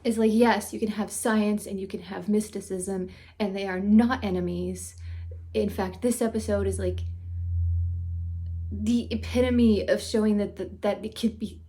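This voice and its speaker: A woman hosting a reaction video who reviews a TV episode in a casual, gushing, excitable way. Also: medium pitch, a little slow.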